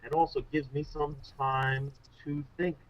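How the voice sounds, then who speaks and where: A man speaking as a guest on a radio interview, a public speaking coach telling stories in an animated, self-deprecating way. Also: on the high side, a little slow. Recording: muffled radio show audio.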